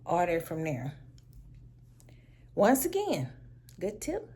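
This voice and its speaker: A woman telling a casual storytime vlog at home, animated and sassy, laughing often. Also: mid-range voice, moderate pace. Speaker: vlogger.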